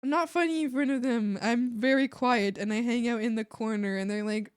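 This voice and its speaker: A woman's voice: on the high side, brisk, clear, resonant tone, no room sound, clean studio sound. A young woman streaming while she draws, chatting casually, giggling often and acting out the people she quotes in exaggerated voices. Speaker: streamer and illustrator.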